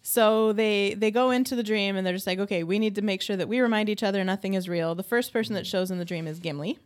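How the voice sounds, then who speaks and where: A woman's voice: mid-range voice, quick pace. A woman co-hosting a podcast, chatting casually about an episode and quoting her own reactions. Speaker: podcast co-host. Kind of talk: casual chat recapping an episode.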